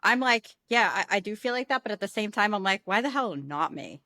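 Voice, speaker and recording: A woman's voice: medium pitch, expressive, fairly quick, sharp tone, no echo. Woman in her 30s, blunt, swears a lot, jokes about herself, dry close sound. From New York. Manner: blunt, swears freely, self-mocking. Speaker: podcast host. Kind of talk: casual chat.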